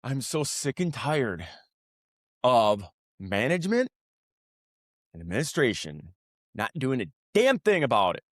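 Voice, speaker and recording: A man's voice: medium pitch, very animated, measured pace, pauses often, no room sound, clean studio sound. A man hosting his own podcast, ranting in a rambling, profane way with many restarts before settling into casual talk about his work in healthcare. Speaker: podcast host; healthcare worker.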